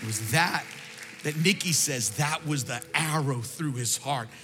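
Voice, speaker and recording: A man's voice: fairly high pitch, a little slow. A man preaching a sermon, telling a story with fervent, emphatic delivery. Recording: reverberant hall with faint music.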